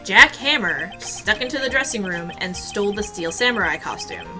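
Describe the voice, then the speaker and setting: A woman's voice: mid-range voice, animated, normal speed, pushed and bright, faint music behind. A woman voicing an earnest young male defense lawyer, arguing dramatically in a courtroom game playthrough. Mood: explaining.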